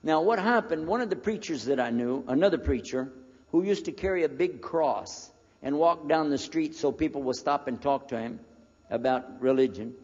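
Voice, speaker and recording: A preacher in his sixties from the United States gives a storytelling lecture about his own life, animatedly voicing the conversations he remembers. His voice is a little high, and the recording is dull and lo-fi in a reverberant hall.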